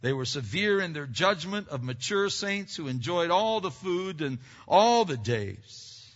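A man's voice: fairly high pitch, lively intonation, measured pace. Man preaching in a reverberant hall. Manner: swings from loud emphatic preaching to quiet earnest asides; asks the congregation questions and answers them. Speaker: pastor. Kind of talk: sermon. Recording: dull lo-fi recording with long hall reverb.

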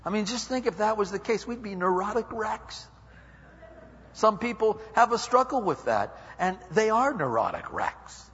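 A man preaches an animated sermon and acts out the people he quotes. His voice sits high and carries a long reverb through a large hall. The recording is dull and lo-fi. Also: moderate pace. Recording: echoey hall, dull lo-fi sound.

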